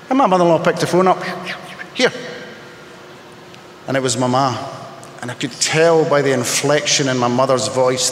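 A man sharing his personal story in a candid, emotional, halting way, speaking as a testimony to a gathered audience. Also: medium pitch, a little hiss or hum. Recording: echoey hall with long reverb.

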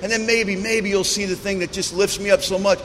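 A high-voiced man tells humorous yet earnest stories to a recovery meeting. His voice carries a long hall reverb, with faint background noise underneath. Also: flat delivery, fairly quick, fairly bright tone. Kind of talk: storytelling talk to a meeting.

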